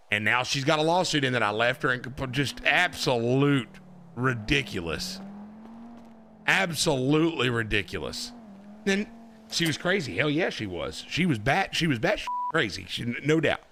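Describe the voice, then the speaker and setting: A man's voice: mid-range voice, moderate pace, slight background noise. A young man, a brash, chatty streamer playing a marshal in a live roleplay. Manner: animated, brash, chatty with viewers.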